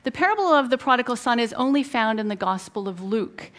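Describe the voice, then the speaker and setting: A woman's voice: a little high, animated, fairly quick, fairly bright tone. A middle-aged woman from Canada preaching a sermon, retelling a personal story with many fillers and emphatic turns.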